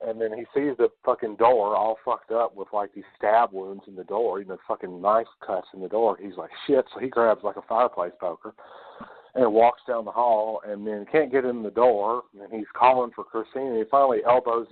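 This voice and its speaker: A low-voiced man hosts a casual film podcast, swearing freely as he retells scenes. The sound is thin and tinny, like a phone line. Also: fairly quick. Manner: swears a lot, animated retelling. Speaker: podcast host. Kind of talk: casual movie discussion.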